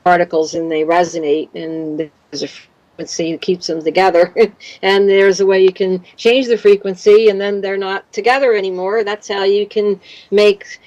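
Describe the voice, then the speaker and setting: A woman from Canada in her fifties, a guest in an interview, telling rambling, animated stories. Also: mid-range voice, normal speed, lo-fi sound. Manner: rambling, animated storytelling with laughs. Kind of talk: casual interview.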